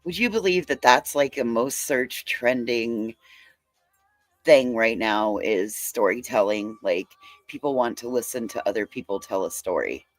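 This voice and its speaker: A woman's voice: extremely low pitch, dry recording, soft background music. A middle-aged woman guest chatting casually and rambling animatedly on a livestream panel. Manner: animated, rambling, quick asides. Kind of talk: casual chat.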